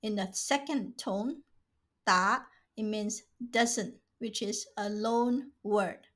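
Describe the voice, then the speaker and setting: A woman slowly reading out vocabulary as a teacher, saying each word twice and then giving short meanings. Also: mid-range voice, a bit bright. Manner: slow, careful, says each word twice. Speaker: language teacher. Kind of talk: slow vocabulary drill, reading words and glosses.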